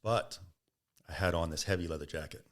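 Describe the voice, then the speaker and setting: Deep-voiced man telling a story. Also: brisk. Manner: animated, acts out quoted speech. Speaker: podcast guest. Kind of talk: casual storytelling.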